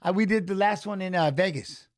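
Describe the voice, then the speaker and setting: A middle-aged man hosting a live fight watch-along, laughing often, stammering and restarting, and shouting coaching cues at the screen. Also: high voice, a little fast.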